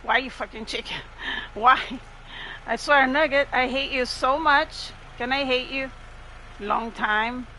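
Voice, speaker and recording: Female streamer, bright tense voice, slow jumpy live commentary, faint game noise behind. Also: high voice, fairly even intonation, poor audio. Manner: jumpy, laughing, swearing, talks to herself. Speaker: gamer streaming gameplay.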